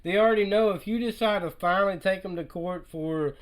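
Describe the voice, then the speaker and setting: Man reacting to a clip for viewers, high pitch, emphatic and repetitive. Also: brisk, rough recording. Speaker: reaction video commentator. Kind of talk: reaction commentary.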